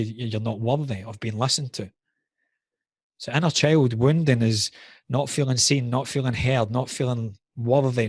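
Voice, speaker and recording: Man, husky, dry close sound, blunt, swears often, candid podcast chat. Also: medium pitch, no echo. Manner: reflective, speaks about personal wounds. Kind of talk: casual podcast conversation.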